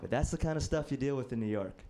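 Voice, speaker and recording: A man's voice: mid-range voice, expressive, fast, mellow. A man in his twenties doing a stand-up comedy set, telling rambling, self-deprecating stories. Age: 20s.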